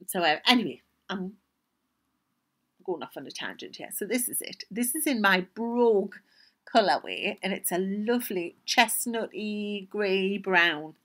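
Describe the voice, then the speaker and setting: An older woman with a Geordie accent, hosting a knitting podcast in a chatty, rambling way, often dropping into soft asides. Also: medium pitch, lively intonation, unhurried. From North East England. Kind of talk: casual chat.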